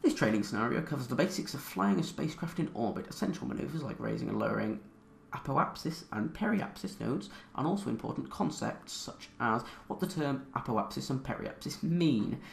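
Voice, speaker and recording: Hesitant gamer man, gravelly voice. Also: mid-range voice, animated, a little fast, hardly any pauses, reverberant, a little hiss or hum. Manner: hesitant, thinking aloud with many fillers. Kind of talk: let's play commentary, reading tutorial text aloud.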